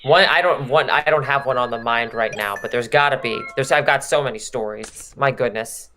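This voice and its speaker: An excitable commentator calling a card game match with emphatic hype. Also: medium pitch, moderate pace, soft background music. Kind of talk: lively play-by-play commentary.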